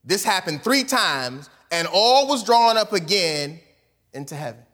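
A man's voice: high voice, measured pace. A man preaching a sermon, reading scripture aloud and acting out the quotes, with casual, colloquial phrasing. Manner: animated preaching, reads scripture aloud, acts out quotes in voices. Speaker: pastor.

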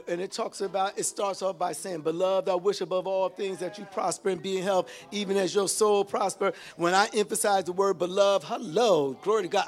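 An older man with a notably high voice delivers an animated sermon. He keeps calling out to his listeners and bursts into sudden exclamations. Faint music plays underneath. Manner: exclamatory, calls out to the congregation; lively, animated preaching with sudden shouts. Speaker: pastor.

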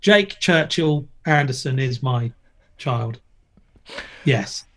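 Speaking slowly but with animation in a mid-range voice, a middle-aged former skateboarder turned TV presenter guests on a relaxed podcast. He cracks jokes, tells stories, and swears without holding back.

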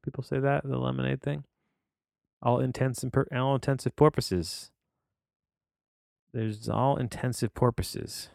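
A man's voice: mid-range voice, fairly even intonation, a little slow, gravelly, long pauses, darkish tone, no room sound, studio quality. A man hosting a podcast, rambling through a casual film review with many restarts and fillers. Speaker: podcast host reviewing films.

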